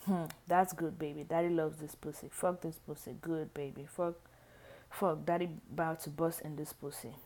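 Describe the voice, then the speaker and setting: A woman's voice: low-pitched, fairly even intonation, moderate pace, a little mellow. A woman reading a domineering man's lines. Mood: lustful. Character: adult male lover, domineering and lustful.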